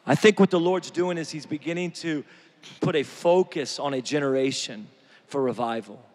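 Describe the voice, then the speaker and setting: A man preaching an energetic sermon, joking with the crowd and swinging from shouts to near-quiet. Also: a little high, normal speed. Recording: long hall reverb.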